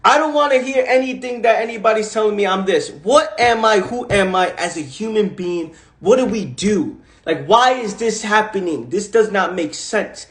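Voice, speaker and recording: A man's voice: high voice, animated, moderate pace, hardly any pauses, fairly bright tone. A man in his twenties giving a casual live-stream monologue, intense and full of repeated rhetorical questions and swearing. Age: 20s. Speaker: motivational speaker on a live stream. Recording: echoey room.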